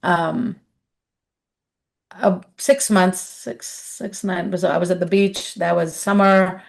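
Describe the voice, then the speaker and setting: A woman's voice: fairly low pitch, fairly even intonation, slow, gravelly. Chatty woman telling stories in a webinar. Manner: chatty storyteller, tags lines with "right?". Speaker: leadership consultant and webinar speaker. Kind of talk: webinar talk with personal stories.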